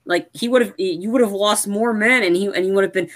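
A co-host on a casual movie podcast talks in a middle-pitched voice, neither high nor low. The delivery is an animated rant, full of filler words, about a film they disliked. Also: a little fast, hardly any pauses. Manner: animated ranting with frequent "like" fillers. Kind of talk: casual movie review chat.

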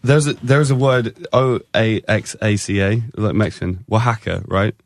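A man's voice: fairly low pitch, steady tone, moderate pace, no echo. An English man guest on a chat show, telling a sheepish, rambling story. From England. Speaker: musician guest. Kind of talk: casual chat.

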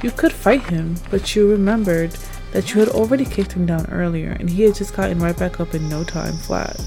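Slightly low-voiced woman narrating a tense story. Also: brisk, vocal fry, poor audio. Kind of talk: second-person audio story narration. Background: music.

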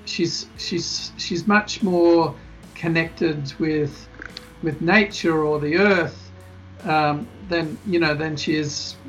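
A man's voice: fairly high pitch, slow pace, a bit bright, faint music behind. A male film director guest, talking casually and rambling with many restarts in a podcast interview. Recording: dull lo-fi podcast audio.

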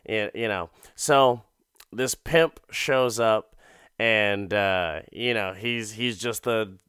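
Guy rambling thru a movie plot, swears a lot, smooth voice, dry close sound. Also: on the low side, slow pace, a bit bright, no echo. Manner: profane, laughing, rambling. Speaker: film recapper. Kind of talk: casual retelling of a movie.

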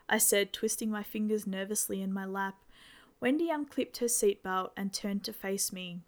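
A woman narrating a scripted spooky story in a measured, descriptive way. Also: medium pitch.

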